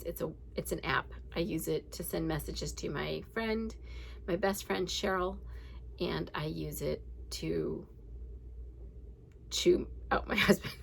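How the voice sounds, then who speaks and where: A woman's voice: on the low side, vocal fry, a little hiss or hum, low-quality recording. A candid woman in her forties who hosts a daily reading podcast, talking in a casual, reflective, rambling way with laughs. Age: 40s.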